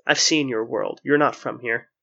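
Male narrator as playful jester-like guardian, storm underneath, raised and forceful, lo-fi audio. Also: medium pitch, fairly even intonation, normal speed, gravelly. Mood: angry. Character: jovial jester-like male watcher with hidden fury.

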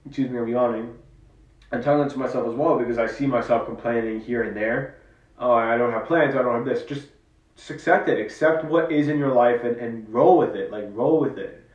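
A man's voice: mid-range voice, fairly quick, darkish tone. A man giving a personal, earnest motivational monologue to camera, reflective and coaching himself as he talks. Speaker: vlogger. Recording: roomy, distant, dull-sounding.

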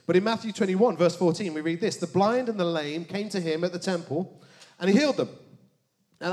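Animated preacher man, fairly high voice. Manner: animated, joking asides, dramatic hushed emphasis. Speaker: pastor. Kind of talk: sermon.

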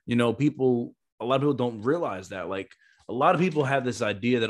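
A man hosting a podcast in a casual, animated and profane way, telling long run-on stories. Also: mid-range voice, moderate pace. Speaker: podcast host, former Marine recruiter. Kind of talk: casual chat.

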